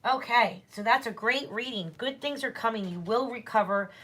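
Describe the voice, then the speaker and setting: A woman's voice: a little high, normal speed, fairly bright tone. A woman doing a casual livestream tarot reading at home, chatty and reassuring as she talks straight to her viewers.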